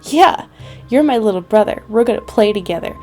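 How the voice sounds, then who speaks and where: A woman's voice: medium pitch, animated, a little fast, warm tone, soft background music, natural voice. A woman voicing a bossy young brother in a game, boastful and teasing.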